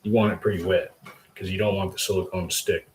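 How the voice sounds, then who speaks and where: A man hosts a casual livestream tutorial demonstrating a DIY agar method, rambling goofily and chatting with viewers as he works. He speaks fast in a low, flat, slightly mellow voice, with slight background noise.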